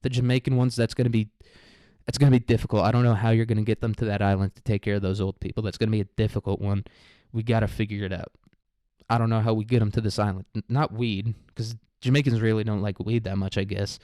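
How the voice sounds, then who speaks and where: A man's voice: on the low side, steady tone, quick pace, dark tone, no echo, clean studio sound. A man hosting a podcast, rambling through a crude, irreverent comedy monologue full of "like" fillers. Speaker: podcast host.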